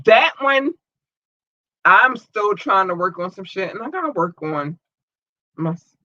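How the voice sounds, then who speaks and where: A woman hosting a live podcast rants bluntly and profanely in a raised, forceful, fired-up voice. Her sound is dry and close, with no room around it, but dull and lo-fi. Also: medium pitch, big pitch swings, a little slow, no echo. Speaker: podcast host. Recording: dull lo-fi audio.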